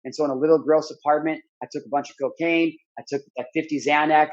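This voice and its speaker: A man's voice: on the high side, steady tone, quick pace, dull audio. A man in his thirties, speaking as a podcast guest, tells a personal story in an earnest, rambling way full of "like" and restarts. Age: 30s.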